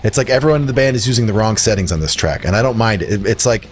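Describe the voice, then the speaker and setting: A man's voice: on the low side, very fast, soft background music. Rambling, jokey male podcast host. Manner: rambling, jokey and animated, laughing at his own lines. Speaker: podcast co-host reviewing records. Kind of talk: casual chat.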